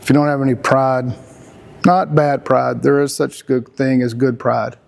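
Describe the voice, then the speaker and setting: A man's voice: medium pitch, fairly even intonation, normal speed, gravelly. A middle-aged man, talking casually and earnestly as a podcast host, rambling and emphatic with frequent restarts. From Texas. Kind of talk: casual conversational talk.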